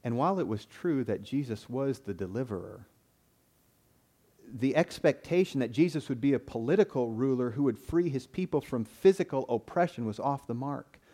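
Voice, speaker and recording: Earnest male preacher, warm low-key tone. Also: expressive, moderate pace. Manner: earnest, repeats words when starting phrases. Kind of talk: sermon.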